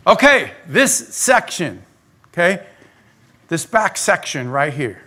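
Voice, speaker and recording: Bright-voiced, high-pitched male pastor. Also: takes it slowly, a little hiss or hum. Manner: lively, talks straight to the congregation. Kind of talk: sermon. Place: church sanctuary.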